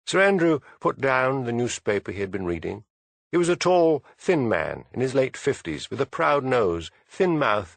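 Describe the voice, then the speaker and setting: A man narrating an audiobook in a measured storytelling manner. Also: medium pitch, no room sound. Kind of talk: scripted narration.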